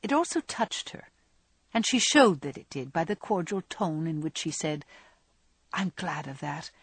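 Breathy woman reading a classic novel. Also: on the low side, no echo. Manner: expressive, measured storytelling. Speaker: audiobook narrator.

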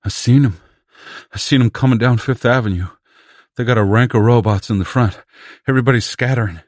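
A man voicing a thin, frantic male scout who speaks in rough, urgent bursts. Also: mid-range voice, a little fast, no room sound, clean studio sound, pitched above the performer's own voice, close to an everyday voice. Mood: alarmed.

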